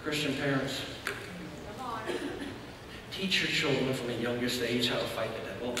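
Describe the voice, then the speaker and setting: A church elder preaching a sermon, telling a story and acting out shouted lines. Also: male voice, mid-range voice, fairly even intonation, normal speed, a crowd in the background. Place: church sanctuary. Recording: echoey hall from far off.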